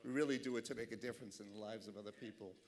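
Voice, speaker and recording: A man's voice: fairly low pitch, very fast. A middle-aged man with a Boston accent giving a passionate, chatty keynote speech at an awards dinner. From Boston, USA. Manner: passionate, animated, chatty with asides. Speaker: keynote speaker. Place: banquet hall.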